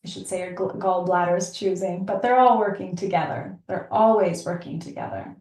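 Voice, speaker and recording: A woman's voice: fairly low pitch, steady tone, brisk, a little mellow. A woman yoga teacher giving an earnest, chatty reflective talk, laughing often and full of likes and you-knows. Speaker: yoga teacher and podcast host. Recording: roomy, from a distance.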